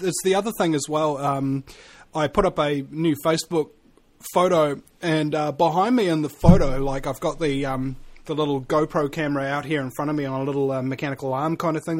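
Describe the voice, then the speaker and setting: A man in his thirties with a New Zealand accent, a radio guest who jokes and boasts, talking through a call. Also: on the high side. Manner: joking, boastful, talking while eating. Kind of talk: radio interview over a call.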